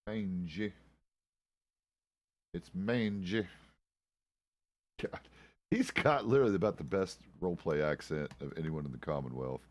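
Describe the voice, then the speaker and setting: Deep-voiced man, lively and profane. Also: fairly quick. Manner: loose and profane, rambling asides. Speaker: roleplay streamer playing a deputy. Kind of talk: casual in-character chat.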